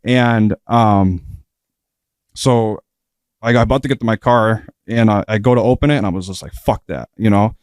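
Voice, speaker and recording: A man's voice: fairly low pitch, steady tone, normal speed, darkish tone, clean tone, no echo, clean studio sound. A man who is a former prison officer tells a story as a guest in a casual podcast interview. His talk is blunt and profane, full of fillers.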